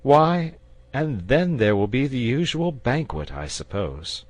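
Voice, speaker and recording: A man's voice: medium pitch, sing-song, slow pace, darkish tone, dry recording, voice pushed up. A man voicing a confident, patient male knight who speaks persuasively and earnestly.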